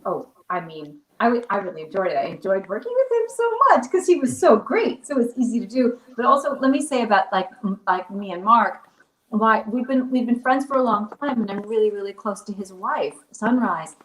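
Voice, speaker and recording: A woman's voice: mid-range voice, very animated, fairly quick, slight background noise. An actress guest on a video call, chatty and gushing as she praises a co-star. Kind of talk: casual anecdote on a video call. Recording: echoey room.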